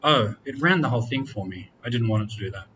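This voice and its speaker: Male lecturer, casual and joking, tense bright tone, lo-fi classroom capture. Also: mid-range voice, quick pace, a little hiss or hum. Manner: relaxed, chatty, self-correcting, jokes with students. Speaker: university lecturer. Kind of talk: classroom software walkthrough. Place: lecture room.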